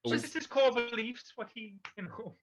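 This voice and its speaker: A woman's voice: on the high side, normal speed. A woman playing a tabletop game, asking curious questions in casual chat. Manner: inquisitive. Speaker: player.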